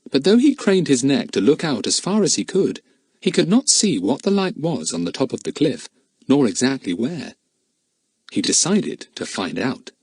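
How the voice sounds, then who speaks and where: Male audiobook narrator, lively, husky voice, dry close sound. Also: medium pitch, no room sound. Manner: expressive, animated reading. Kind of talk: storybook narration.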